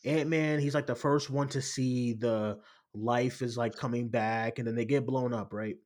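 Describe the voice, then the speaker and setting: A man co-hosting a casual pop-culture podcast, talking in an animated way with plenty of swearing. His voice sits in an ordinary middle pitch for a man, and he laughs often as he retells scenes. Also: moderate pace. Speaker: podcast co-host.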